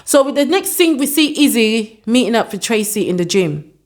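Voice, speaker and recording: A woman's voice: on the high side, big pitch swings, moderate pace. A woman casually recapping a reality show episode, scolding its cast in exasperated asides. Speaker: vlogger reviewing a reality show.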